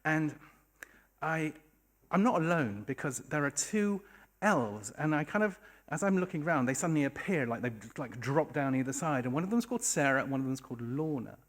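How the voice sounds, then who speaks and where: A man's voice: a little high, lively intonation, a little fast. A man telling a funny story on a bar stage, wry and self-deprecating. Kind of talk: live storytelling.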